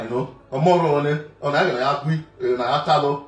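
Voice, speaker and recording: A man's voice: a little high, moderate pace. A man with a Nigerian accent talking casually and emphatically, repeating himself and filling gaps with "you know". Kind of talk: casual direct-to-camera monologue. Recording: echoey room, mic at a distance, faint music.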